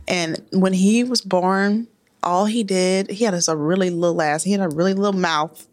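A woman hosting a casual chat, telling stories in a playful, animated way. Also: mid-range voice, normal speed. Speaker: host.

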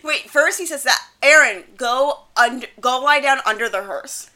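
Bright-voiced laughing woman podcast host. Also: high-pitched, a little slow. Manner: laughs often, acts out quotes with profanity. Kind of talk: casual recap chat.

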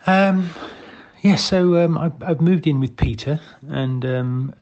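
A man's voice: a little high, slow pace, darkish tone, lo-fi sound. A man leaving a chatty, hesitant voicemail update with many fillers. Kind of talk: improvised comedy voicemails.

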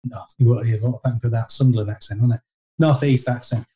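Middle-aged man, deep dark timbre, casual rambling storyteller, ex-player interview guest. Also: fairly even intonation, fairly quick. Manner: rambling anecdotal, frequent restarts, self-deprecating. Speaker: former footballer guest.

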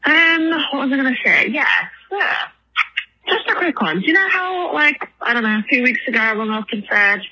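A woman's voice: sits high, sing-song, fairly quick, bright, forceful tone, husky, low-quality recording. A woman from England leaving a rambling phone voicemail for a podcast while out of breath from walking her dog. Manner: rambling, lots of ums and likes. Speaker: caller.

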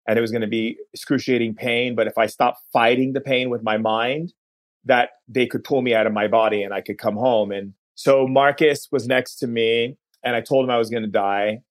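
Earnest man telling a long story. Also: medium pitch. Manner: earnest, drawn-out storytelling with pauses and restarts. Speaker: podcast guest. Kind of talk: personal storytelling in an interview.

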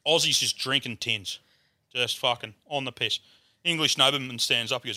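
A man's voice: mid-range voice, moderate pace, bright, forceful tone, dry recording, clean studio sound. A young Australian man, a comedian, telling crude jokes in a casual sweary pub chat and putting on voices for the characters. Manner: sweary, storytelling with put-on voices. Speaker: guest comedian.

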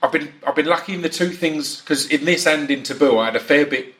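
A man hosting a relaxed chat with a fellow actor, talking in a self-deprecating way with lots of restarts, sitting at a table on the top deck of a bus. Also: a little high, a little fast. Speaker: podcast host and actor. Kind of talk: casual chat.

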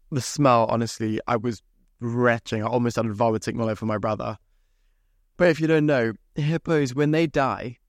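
A man's voice: mid-range voice, no room sound. Chatty young man from Zimbabwe, dry sound. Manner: chatty, swearing, rambling asides. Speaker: podcast host. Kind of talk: casual storytelling monologue.

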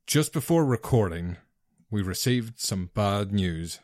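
A man's voice: fairly low pitch, expressive, slow, a little mellow, no echo. Teasing man co-hosting a podcast. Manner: teasing, wry, banter-heavy. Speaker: podcast co-host. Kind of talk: casual chat.

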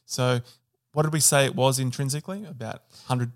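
A man's voice: mid-range voice, a little fast. Man casually explaining the nervous system. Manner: relaxed explainer, hedges on details. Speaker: podcast co-host. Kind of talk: educational physiology podcast chat.

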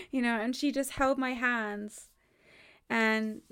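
A woman's voice: on the high side, steady tone, extremely slow, pauses often, a bit bright, smooth. A woman in her thirties talking candidly and rambling in a casual conversation, swearing freely. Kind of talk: casual conversation about grief.

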